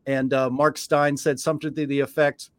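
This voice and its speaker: A man hosting a talk show, chatty and amused, moving through his points at a measured pace. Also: medium pitch, level tone, no echo. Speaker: show host. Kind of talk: casual discussion.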